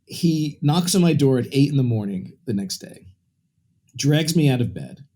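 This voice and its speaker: This interview guest from Brooklyn, New York has a warm, medium-pitched voice with lively intonation at normal speed. He shares a personal story in a candid, rambling manner, restarting often and adding asides.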